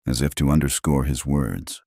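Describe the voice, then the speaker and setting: Very deep-voiced male storyteller. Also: normal speed, gravelly, slightly rough, dry recording, studio quality. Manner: dramatic, expressive. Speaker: narrator. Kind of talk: dramatic storytelling narration.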